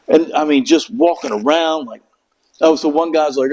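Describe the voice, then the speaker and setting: A man's voice: on the high side, moderate pace, a little mellow, rough recording. A middle-aged man with a somewhat raised voice tells a rambling story in a loose podcast chat. He swears freely and keeps slipping into impressions of the people in his tale. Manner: profane, rambling storyteller who acts out voices. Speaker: veteran telling war stories.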